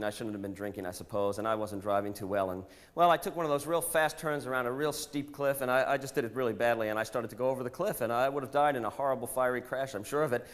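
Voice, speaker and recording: A man telling a joke and voicing an excitable man who gushes about his heroic pig. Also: lowish voice, long reverb tail, lightly acted. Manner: breathless, boastful storytelling.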